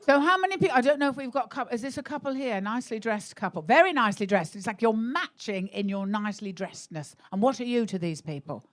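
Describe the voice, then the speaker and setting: A middle-aged woman performs live stand-up crowd work at a comedy club, teasing people in the audience about their relationships in a blunt, sweary style. Her voice is a little high with lively intonation, and she talks fast with hardly any pauses.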